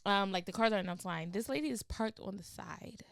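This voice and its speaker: A woman hosting a podcast, telling stories in an animated way and using casual slang. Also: medium pitch, fairly quick, vocal fry, no echo, studio quality. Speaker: podcast host.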